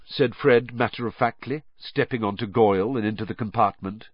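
A man reading a story aloud as narrator, with expressive storytelling delivery. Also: moderate pace, no room sound. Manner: lively storytelling with varied pitch. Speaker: audiobook narrator. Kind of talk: scripted narration. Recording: dry, slightly muffled lo-fi recording.

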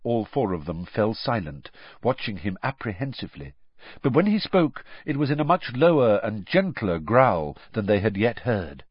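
A man with a low, husky voice narrates a story audiobook, with a lively and expressive rise and fall in his pitch. The sound is close and dry, with slightly dull, lo-fi audio. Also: moderate pace, dry recording. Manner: expressive, character-switching reading. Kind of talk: scripted narration.

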